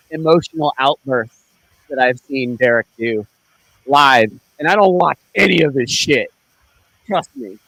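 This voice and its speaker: A man's voice: a little high, fairly bright tone, no room sound, poor audio. A man hosting a live podcast, talking casually and bluntly, ranting and swearing as he goes. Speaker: podcast host. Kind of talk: casual live-stream commentary.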